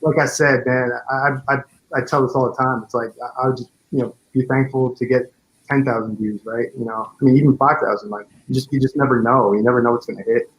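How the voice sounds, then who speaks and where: A man's voice: medium pitch, steady tone, fast, rough recording. Man, fan film director, casual interview chat, rambling, lots of fillers. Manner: rambling, many fillers and restarts.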